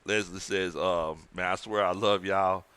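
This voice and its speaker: Bright-voiced man hosting a laid-back stream. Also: deep voice, fairly even intonation, unhurried, smooth, dry recording. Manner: reads viewer comments aloud, laid-back. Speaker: livestream host. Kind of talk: casual watch-party commentary.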